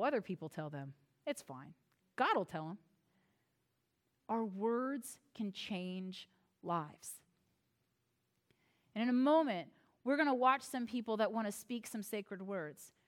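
Animated woman pastor preaching. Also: fairly high pitch. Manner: animated storytelling, acts out quoted voices. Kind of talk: sermon.

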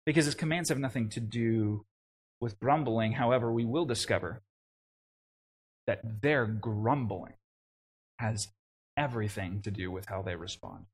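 A young adult man preaching a sermon, animated, with frequent restarts and conversational asides. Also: lowish voice, a little slow, pauses often, husky. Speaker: pastor.

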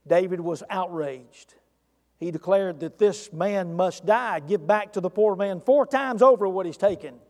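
High-voiced preacher in a reverberant church. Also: male voice, unhurried, darkish tone. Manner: earnest preaching, asks the congregation direct questions. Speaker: pastor. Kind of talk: sermon.

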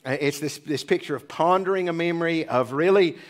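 A man's voice: a little high, fairly quick. A pastor in his forties giving a casual, joking sermon in church. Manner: chatty, joking asides. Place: church sanctuary.

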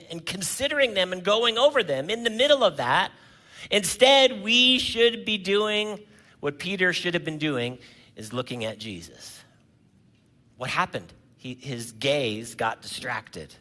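A male pastor preaching a sermon, swinging between loud cries and hushed lines and asking the congregation questions. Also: high voice, normal speed.

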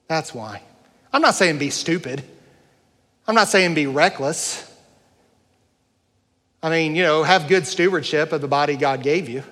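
A man's voice: fairly high pitch, fairly bright tone, long reverb tail. A male pastor preaching a sermon, earnest, building through rising rhetorical questions.

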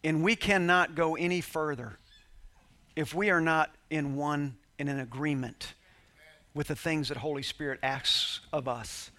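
Bright-voiced man preaching a story. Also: on the high side, unhurried. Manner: conversational preacher, quoting dialogue, laughing with congregation. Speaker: pastor. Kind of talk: sermon storytelling.

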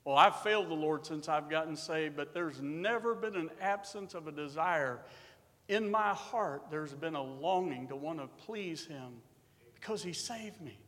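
A man preaching a revival sermon, reading scripture in old English and swinging between quiet stretches and loud, fervent ones. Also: fairly high pitch, measured pace, in a large hall. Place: church.

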